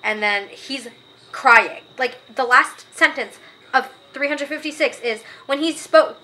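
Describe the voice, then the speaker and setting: This young woman's book review is relaxed and conversational, her voice bright, clear, and sitting high, at a slightly slow pace. Reading quoted passages aloud fires her up, and she doesn't hold back her opinions.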